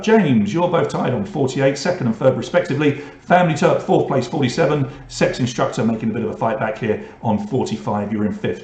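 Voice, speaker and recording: A man's voice: fairly high pitch, a little mellow, reverberant. A man with a British accent hosting an online pub quiz, reading out questions and scores with chatty asides. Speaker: quiz host.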